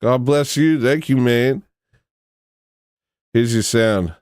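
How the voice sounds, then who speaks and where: A man's voice: medium pitch, slow, a little mellow, no echo, studio quality. A man hosting a casual livestream, rambling and joking at his own expense while thanking viewers. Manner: rambling, self-deprecating, goofy. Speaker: livestream host.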